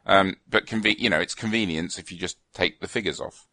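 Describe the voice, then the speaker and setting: A man's voice: deep voice, brisk, sharp tone, dry recording. A man co-hosting a podcast in casual chat, explaining things in a rambling, hesitant way with fillers and restarts. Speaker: podcast co-host. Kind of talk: casual chat about tabletop wargames.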